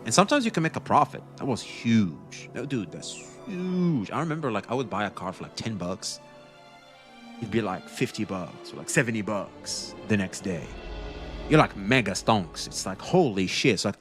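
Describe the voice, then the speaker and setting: A young male streamer chatting casually to his viewers, rambling through his points with restarts and loose swearing. His voice is bright and forceful, and soft music plays faintly behind him. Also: medium pitch. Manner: rambling, animated, swears freely. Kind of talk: casual livestream chat.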